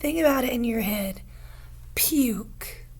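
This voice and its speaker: Patient teacher lady doing phonics, high voice, drags out every sound slow. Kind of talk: phonics lesson for young learners.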